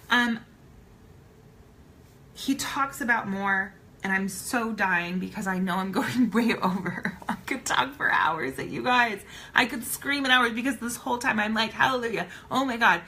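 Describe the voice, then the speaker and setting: A woman's voice: medium pitch, bright, forceful tone, slight background noise, poor audio. A woman giving a live-streamed motivational talk, emphatic and blunt, swearing casually and repeating her points for emphasis. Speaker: motivational speaker.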